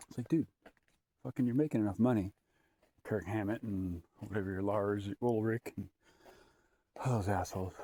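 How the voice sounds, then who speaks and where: A man's voice: fairly low pitch, mellow, a little hiss or hum. Rambling man vlogging alone outdoors. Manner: rambling, sidetracked, jokey. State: out of breath. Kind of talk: rambling handheld vlog. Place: outdoors at a forest campsite. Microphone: handheld phone camera.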